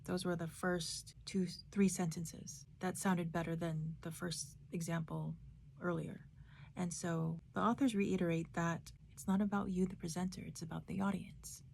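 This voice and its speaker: A woman's voice: fairly low pitch, steady tone, normal speed, gravelly, a little mellow, slight background noise. A woman giving a casual spoken book review, reflective and thinking aloud with tag questions.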